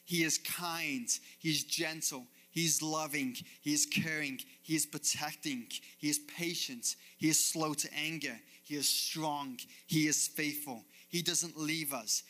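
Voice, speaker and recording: Male pastor mid-sermon, bright forceful voice, earnest rhythmic delivery from a church stage. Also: on the high side, steady tone, measured pace, hardly any pauses. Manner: earnest, repetitive preaching cadence.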